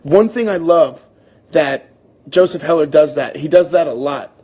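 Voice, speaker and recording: A man hosting a book club, reading a novel aloud and then reflecting on it in a thoughtful, halting way, with frequent restarts. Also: fairly high pitch, warm tone, slightly rough. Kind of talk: reading aloud and casual commentary.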